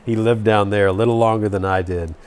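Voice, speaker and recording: A low-pitched man from Georgia talks casually at his workbench, cracking self-deprecating jokes between small fixes. A faint hiss of noise sits under his voice. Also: fairly even intonation, brisk, a little mellow. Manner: joking, self-deprecating, talks while tinkering. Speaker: RC hobby channel host. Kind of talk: casual workshop chat.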